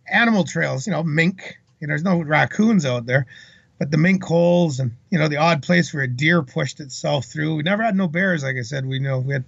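A man's voice: on the high side, creaky, fairly bright tone, breathy edge, dry recording. A man from British Columbia, telling a story as an interview guest in a rambling, salty way. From British Columbia, Canada. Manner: rambling, salty anecdotal retelling. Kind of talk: casual storytelling. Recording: dull lo-fi recording.

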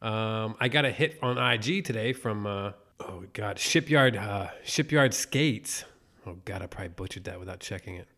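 A man's voice: on the low side, steady tone, a little fast, few pauses, bright, forceful tone. A man co-hosting a podcast, chatting casually and animatedly about movies, swearing and laughing often. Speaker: podcast co-host. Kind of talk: casual chat.

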